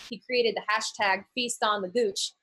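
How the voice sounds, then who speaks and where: A woman's voice: medium pitch, fairly even intonation, moderate pace, pushed and bright, low-quality recording. A young woman running a tabletop game, recapping the story in a chatty way with frequent ums. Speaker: game master.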